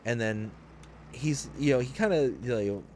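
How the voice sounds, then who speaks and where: A man's voice: medium pitch, normal speed, a little mellow, a little hiss or hum. A man around thirty, a livestream host telling a story in a rambling, chatty way with frequent restarts. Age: late 20s to early 30s. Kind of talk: casual storytelling while streaming a game.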